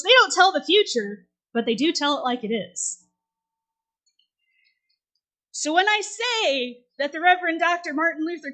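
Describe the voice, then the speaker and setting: A woman's voice: high-pitched, sharp tone. A woman in her forties giving a sermon in a conversational storytelling way, asking the congregation questions. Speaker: minister.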